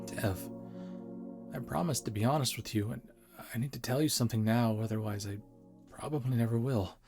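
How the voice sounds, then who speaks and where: A man's voice: mid-range voice, brisk, a little mellow, soft background music, close to an everyday voice. A man voicing an anxious, psychic young male coyote who talks in shaky, breathless pleas. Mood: earnest.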